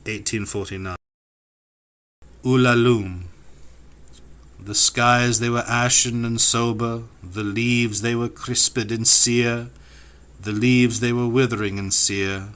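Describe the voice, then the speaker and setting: Man, audiobook poetry reader, slow and measured, bright tone, incantatory rhythm. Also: medium pitch, steady tone, clear, resonant tone. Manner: rhythmic, incantatory delivery with sweeping rises and falls. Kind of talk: dramatic poetry reading.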